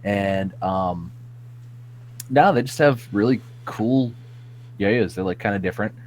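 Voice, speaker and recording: A laid-back man with a lowish voice, chatting casually on a podcast and rambling with plenty of fillers. A faint hum sits under his voice. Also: a little slow. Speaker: podcast guest. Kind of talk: casual chat.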